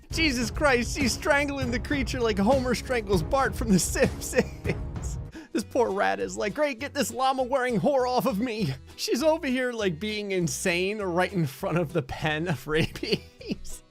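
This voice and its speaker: A young man giving sarcastic, profane comedic commentary over gameplay. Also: high-pitched. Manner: sarcastic, profane, mock-cruel humor with quick voiced asides. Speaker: gaming commentator. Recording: faint background music under voice.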